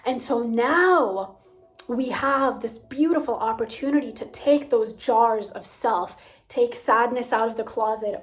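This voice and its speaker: A young woman hosting a gentle teaching talk on emotional healing, soft-spoken and slipping into near whispers. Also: on the high side. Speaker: spiritual coach and channel host.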